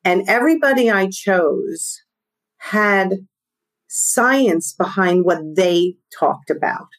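A middle-aged woman with a New York accent, a business coach talking fast and energetically in a podcast interview, laughing often. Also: mid-range voice, animated.

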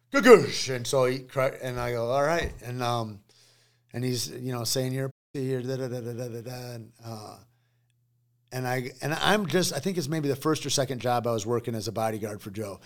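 A man's voice: mid-range voice, moderate pace. A man recounting a story in casual podcast conversation, acting out the voices of the people in it, in a studio. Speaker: podcast guest.

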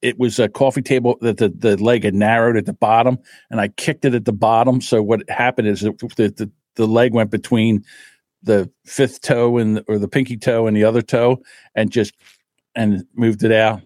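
A man hosting a podcast, telling animated stories, swearing freely and laughing as he talks. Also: on the low side, normal speed, no room sound, studio quality. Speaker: podcast host. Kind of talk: casual storytelling and commentary.

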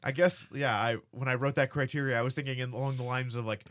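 A man hosting a podcast in casual chat, animated and teasing, laughing often. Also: medium pitch, quick pace. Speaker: podcast host.

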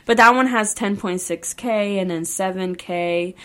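A woman's voice: medium pitch, a little slow, fairly bright tone. A young woman hosting a faith podcast, talking casually and emotionally with lots of fillers and repeated phrases. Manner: emotional, filler-heavy, repeats "I just can't". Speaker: podcast host and lash artist. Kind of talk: casual faith-based personal chat.

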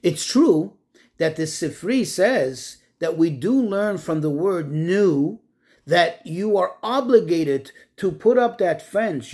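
A man giving a Torah class on the weekly portion, asking rhetorical questions and slowing down to stress Hebrew terms. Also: high-pitched, darkish tone. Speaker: Torah teacher.

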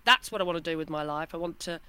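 A woman in her fifties, a broadcaster telling stories as an interview guest in a lively, self-deprecating way. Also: sits low, fast, clear, resonant tone. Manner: animated, self-deprecating storytelling. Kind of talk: casual interview chat.

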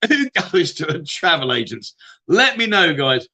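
A man's voice: a little high, sing-song, unhurried, sharp tone. A man hosting a casual livestream, reading out viewer comments and teasing them with banter. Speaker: livestream host.

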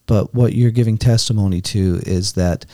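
A man hosting a podcast, wrapping up an interview in an affirming, slightly halting way. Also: on the low side, warm tone, no echo. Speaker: podcast host. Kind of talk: conversational interview wrap-up.

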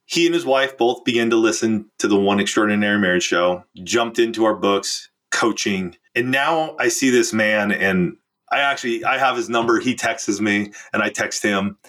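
A man's voice: on the low side, moderate pace, fairly bright tone. A man, a relationship coach, telling a client's story as a podcast guest, earnest and emphatic. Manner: earnest, emphatic, acts out quoted speech. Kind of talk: conversational storytelling.

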